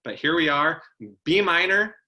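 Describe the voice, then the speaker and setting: Male live-stream co-host, very bright tone, slightly high voice, playful and repetitive. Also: measured pace. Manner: playful, sing-song repetition. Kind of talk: casual live-stream chat.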